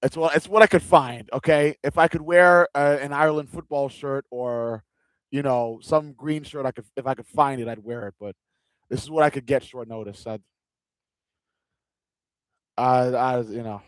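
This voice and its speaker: A man's voice: medium pitch, steady tone, moderate pace, no room sound. A man hosting a live fight watch-along, chatting casually and joking with loose, rambling restarts. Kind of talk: casual live-stream chat.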